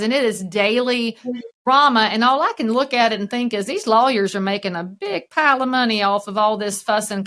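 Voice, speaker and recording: A woman with a Southern US accent, a real estate broker talking frankly in a podcast interview. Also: on the high side. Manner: frank, lively storyteller.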